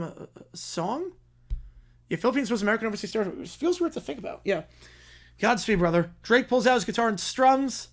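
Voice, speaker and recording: A man's voice: sits high, animated, a little fast, vocal fry. A man hosting a livestream who reads a chaotic fan story aloud and keeps breaking off to comment and laugh. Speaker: livestream host.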